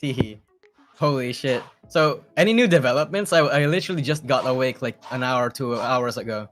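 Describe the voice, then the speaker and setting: A man's voice: medium pitch, a little fast, soft background music. Rambling young man guest on call. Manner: rambling, repeats words, swears, trails off quietly. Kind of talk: casual chat.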